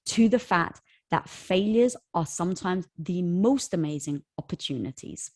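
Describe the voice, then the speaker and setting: A woman in her thirties, a company co-founder, telling an animated story in an interview and acting out what people said. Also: mid-range voice, normal speed, dry recording, clean studio sound. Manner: lively storyteller who acts out quoted dialogue.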